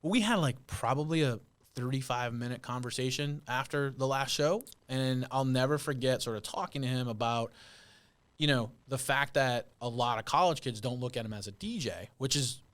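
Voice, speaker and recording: A man's voice: medium pitch, moderate pace, fairly bright tone. Male podcast guest telling stories. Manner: reflective, storytelling, playful. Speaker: podcast guest, concert promoter. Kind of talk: casual interview chat.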